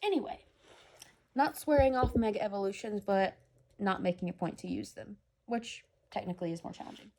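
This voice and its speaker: A woman's voice: medium pitch, lively intonation, a little fast, vocal fry, mellow. A woman giving casual, rambling gameplay commentary as a let's play host, humming to herself between remarks. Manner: rambling, chatty, hums to herself.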